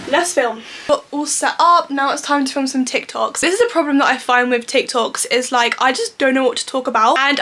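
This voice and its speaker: Filling her casual makeup tutorial talk with "like" and "you know," a vlogger in her twenties chats frankly. Her voice is high and fairly bright.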